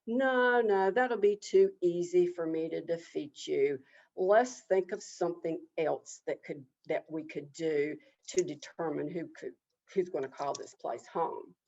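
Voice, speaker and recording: Woman doing a male turtle, crafty, indignant, slow, folk tale, muffled lo-fi sound. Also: darkish tone. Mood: scheming. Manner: indignant then sly, shifting between high exclamations and muttered asides.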